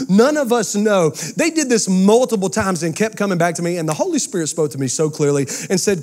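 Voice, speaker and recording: A man, preaching a sermon to a church crowd with lively storytelling and call-outs to the congregation. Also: sits high, a little fast, few pauses. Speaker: pastor. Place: church sanctuary with a live audience.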